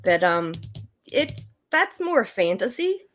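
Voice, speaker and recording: A woman's voice: fairly high pitch, sing-song, slow pace, a bit bright. An older woman, an author guest on a podcast, talking casually with frequent laughs and fillers. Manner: chatty, laughs often, many fillers and restarts.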